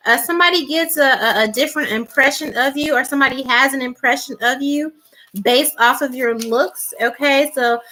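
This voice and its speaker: A woman's voice: sits high, moderate pace, bright, forceful tone. A woman doing a casual tarot reading, rambling with many fillers and restarts, blunt and teasing. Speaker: tarot reader.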